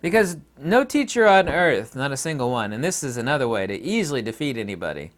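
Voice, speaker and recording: A man's voice: sing-song, a little fast. Emphatic, combative man lecturing. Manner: emphatic and combative, swinging between loud outbursts and low asides. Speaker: video lecturer on Buddhism. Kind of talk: impassioned monologue to camera.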